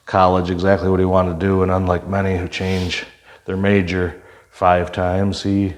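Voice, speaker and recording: An older man with a very low voice, a retired police officer, tells his story in a casual podcast interview. He speaks unhurriedly and reflectively, with frequent pauses and "uh"s. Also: monotone. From Michigan, US.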